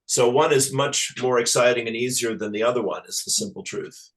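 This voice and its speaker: A man from Ireland, a spiritual teacher talking as an interview guest in a halting, earnest, affectionate way with many restarts. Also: medium pitch, fairly even intonation, poor audio. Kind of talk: casual spiritual interview chat.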